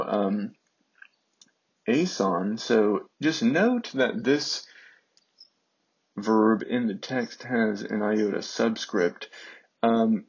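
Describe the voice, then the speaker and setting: A man teaching ancient Greek in an unhurried way, often pausing with fillers. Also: lowish voice, creaky, husky, dull audio. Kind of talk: slow explanatory lesson.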